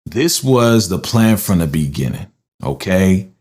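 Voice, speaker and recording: Man, lowish voice, casual movie recap host, animated storyteller, keeps checking in with the listener. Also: a little slow. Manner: animated storytelling, frequent "right?" tag questions.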